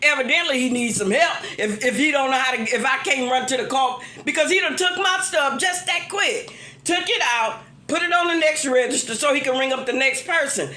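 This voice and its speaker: A high-pitched woman vlogger rattles off a story to her viewers briskly, hardly pausing, in an echoey room. Her casual rant is animated and exasperated, broken up by laughter as she vents.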